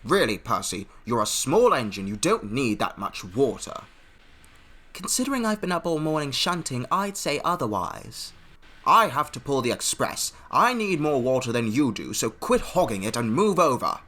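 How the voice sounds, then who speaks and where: A man's voice: medium pitch, big pitch swings, normal speed, fairly bright tone. A man voicing bickering talking engines. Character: several talking steam and diesel engines, all male. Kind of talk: fan audio drama.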